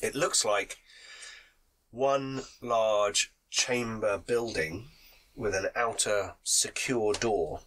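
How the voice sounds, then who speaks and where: A man's voice: lowish voice, drawn-out words, fairly bright tone, a little hiss or hum, rough recording. A man with a cold, running a tabletop game as game master and narrating the scene with a laugh in his voice. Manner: laughing, playful scene-setting. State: has a cold.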